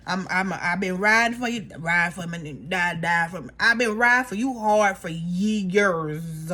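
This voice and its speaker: A woman casually recapping a reality show in a gossipy, animated way, acting out the cast members' lines. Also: on the low side.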